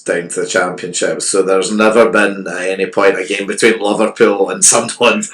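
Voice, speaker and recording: A man's voice: sits low, little pitch movement, moderate pace, fairly bright tone. A man in his twenties, a podcast co-host throwing in dry, sweary quips in casual chat. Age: 20s.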